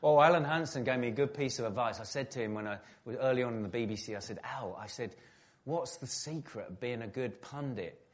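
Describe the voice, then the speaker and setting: A man's voice: medium pitch, a little fast. A middle-aged man from England answering interview questions at an evening event, chatty and self-deprecating, with many restarts. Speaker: guest, former footballer turned pastor.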